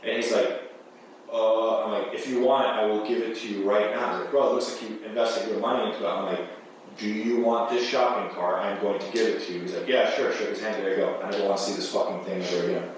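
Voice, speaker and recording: A man's voice: lowish voice, quick pace. A man guest on a podcast telling a wild story in casual chat, swearing constantly and laughing as he goes. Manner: animated, profane, laughing storyteller. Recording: echoey room, distant mic, faint noise.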